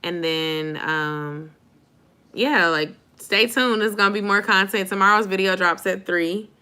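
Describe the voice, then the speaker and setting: A woman's voice: medium pitch, a little slow, sharp tone, smooth. A young woman chatting casually with viewers on a late live stream, sleepy and informal, calling them y'all. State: sleepy, yawning. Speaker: YouTube vlogger on a live stream.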